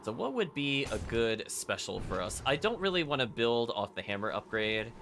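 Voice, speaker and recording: A man's voice: mid-range voice, sing-song, moderate pace, creaky, fairly bright tone, slight background noise. Chatty man commenting on his gameplay. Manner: chatty, analytical, uses fillers like 'like'. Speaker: streamer. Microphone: headset. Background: game music.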